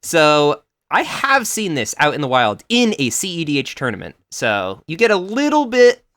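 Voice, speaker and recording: Animated, laughing podcast host, a man. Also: on the high side, normal speed. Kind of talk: casual podcast chat.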